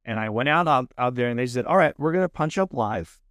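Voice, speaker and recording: Texan guy in his 30s, podcast guest, animated storyteller, dry close mic. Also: medium pitch, fast, dry recording. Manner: animated, acts out quoted people. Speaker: podcast guest, food show host. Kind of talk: casual storytelling. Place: podcast studio.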